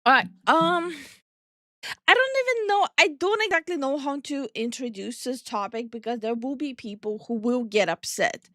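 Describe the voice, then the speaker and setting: A woman from Estonia talks on a live stream in a blunt, opinionated way, swearing freely as she co-hosts. Her voice sits a little high. The sound is dry and close to the mic. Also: a bit bright, no room sound. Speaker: VTuber streamer and co-host. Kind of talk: casual stream chat.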